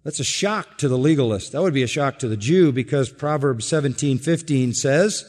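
A man preaching an expository sermon as pastor, driving points home by repeating them and swinging between loud emphasis and hushed asides. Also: medium pitch, moderate pace, few pauses. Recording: long hall reverb.

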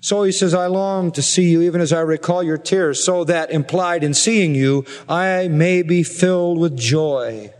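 A man preaching an expository sermon earnestly, slowing down and rising in pitch to stress his points. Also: a little mellow. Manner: earnest preaching, slows and rises for emphasis. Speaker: pastor. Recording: long reverb of a large hall.

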